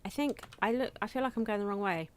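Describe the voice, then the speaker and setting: A woman's voice: medium pitch, fast, smooth. Giggly woman streaming a game. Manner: chatty, giggly, talking to chat while playing. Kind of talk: casual live-stream commentary.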